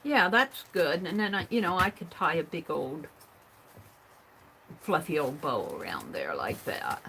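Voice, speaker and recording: A woman's voice: sits low, sing-song, unhurried, gravelly, pushed and bright, slight background noise, low-quality recording. A woman hosting a live craft stream, thinking aloud as she works, trailing off and murmuring under her breath. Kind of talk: live craft stream, talking while working.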